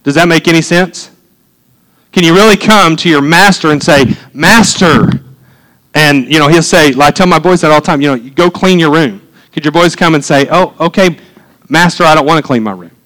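A man's voice: fairly high pitch, normal speed, a bit bright, poor audio. A man preaching a conversational sermon as pastor, building to fervent emphasis.

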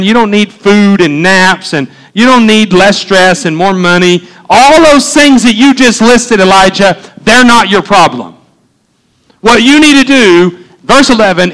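A middle-aged man preaching a sermon as pastor, animated and conversational, with frequent asides. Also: high voice, poor audio.

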